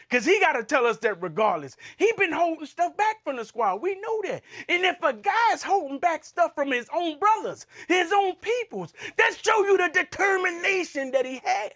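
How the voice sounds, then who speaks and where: A man chatting as an esports analyst, animated and full of slangy trash talk. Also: very high voice, moderate pace, few pauses. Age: adult man. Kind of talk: casual esports desk chat.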